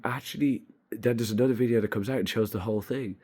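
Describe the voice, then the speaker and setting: A man's voice: mid-range voice, fast talker, darkish tone, slightly rough. A young man giving a blunt, emphatic opinion monologue to camera, swearing freely. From Ireland. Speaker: vlogger.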